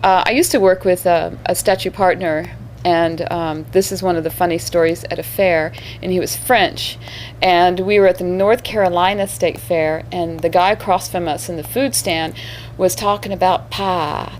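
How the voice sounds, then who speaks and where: Hesitant low-voiced woman storyteller. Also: steady tone, normal speed, a little hiss or hum. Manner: hesitant, many fillers and restarts. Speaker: living statue performer. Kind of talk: casual interview storytelling.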